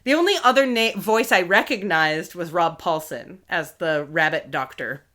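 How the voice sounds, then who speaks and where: A woman co-hosting a podcast in casual chat, animated and laughing, slipping into quick character impressions as she talks. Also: lowish voice. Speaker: podcast co-host.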